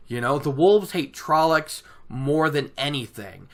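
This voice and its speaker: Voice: medium pitch, expressive, measured pace, hardly any pauses. A podcast host recapping a book chapter in a chatty way, with many "you know"s.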